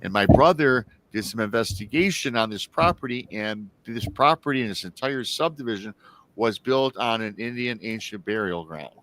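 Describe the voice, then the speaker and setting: A man's voice: fairly low pitch, animated, moderate pace, a bit bright. A man in his forties hosting a live talk show, telling a story casually, with many restarts and asides to his listeners. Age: 40s. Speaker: show host.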